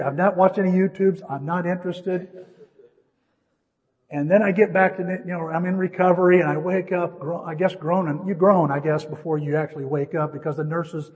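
A middle-aged man preaching a sermon, telling a personal story in an animated way with jokey asides. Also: high-pitched, long reverb tail, dull audio. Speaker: pastor.

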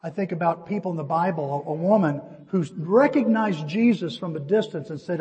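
A middle-aged man from the American Midwest preaching a sermon, telling a personal story in an animated way and calling his listeners folks. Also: fairly high pitch, a little fast, few pauses, slightly rough, dull audio. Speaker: pastor. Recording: long reverb of a large hall.

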